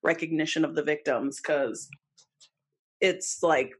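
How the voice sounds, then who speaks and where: A woman's voice: deep voice, takes it slowly, breathy edge. A woman co-hosting a casual podcast, telling a case with lots of fillers, laughs and the odd swear word. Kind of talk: casual chat.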